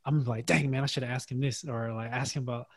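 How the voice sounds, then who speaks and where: A man's voice: medium pitch, steady tone, quick pace. A man hosting a casual podcast conversation, earnest and thinking aloud, restarting his sentences often. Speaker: podcast host.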